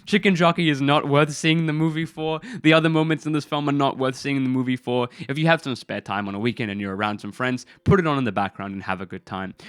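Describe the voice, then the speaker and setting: A man's voice: mid-range voice, fairly bright tone, no room sound, studio quality. A man giving casual film commentary in a rambling, incredulous way, with many fillers. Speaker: film review video creator.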